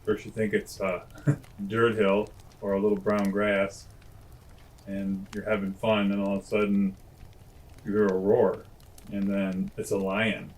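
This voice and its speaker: A man with a fairly low voice reads classic children's tales aloud as a bedtime storyteller. He sounds gentle and homely, slipping in friendly chatty asides between the lines. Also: monotone, a little slow, long pauses, poor audio.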